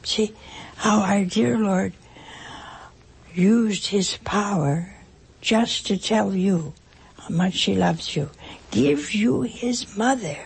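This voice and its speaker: A woman preaching an emotional sermon, pausing dramatically and dropping at times to a whisper. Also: medium pitch, gravelly, slightly rough.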